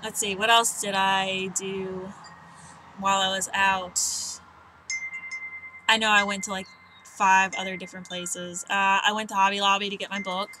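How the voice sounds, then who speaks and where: A woman's voice: medium pitch, level tone, moderate pace, noisy background. A young woman vlogging in casual chat on an outdoor balcony, rambling and self-mocking with lots of fillers.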